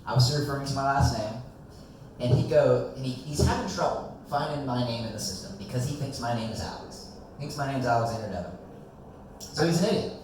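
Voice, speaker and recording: A young man telling a long, rambling story to friends in a casual chat, animated and swearing freely. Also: mid-range voice, brisk, a little hiss or hum. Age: young adult. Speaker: guest storyteller. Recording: echoey room, distant mic.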